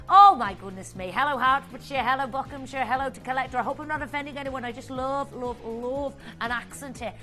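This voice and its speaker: Bubbly female TV sales host, bright and high, repeats herself. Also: brisk, hardly any pauses, faint music behind. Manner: bubbly, chatty, repeats phrases. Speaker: shopping channel presenter. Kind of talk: live TV sales pitch.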